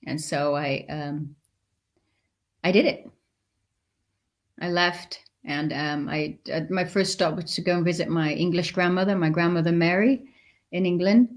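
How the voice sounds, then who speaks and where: Lowish-voiced woman telling a story. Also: unhurried, long pauses. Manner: animated, acts out the voices in her story. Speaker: guest. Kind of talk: storytelling in a live interview.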